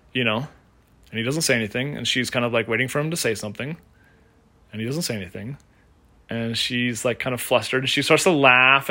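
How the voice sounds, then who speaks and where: A man telling a story on his podcast. He talks in a loose, rambling way, full of fillers. His pitch sits in the middle range for a man. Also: pushed and bright. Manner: casual and rambling, with many fillers. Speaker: podcast host. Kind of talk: storytelling monologue.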